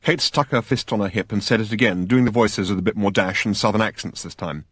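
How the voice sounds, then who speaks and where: A man reading an audiobook in an expressive, storytelling manner. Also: fairly low pitch, quick pace, husky, dry recording, studio quality. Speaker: audiobook narrator. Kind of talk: scripted narration.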